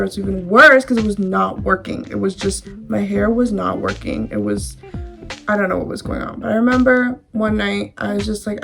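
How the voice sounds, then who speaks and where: A woman's voice: medium pitch, creaky, a bit bright. A young woman, telling a personal story to the camera in a candid, chatty way, with filler words and casual swearing. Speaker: vlogger.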